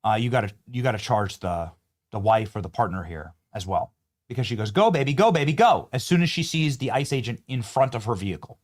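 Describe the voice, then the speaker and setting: A man's voice: on the low side, a little fast. Impassioned male political commentator. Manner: impassioned, emphatic, moralizing. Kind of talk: opinionated commentary over video clips.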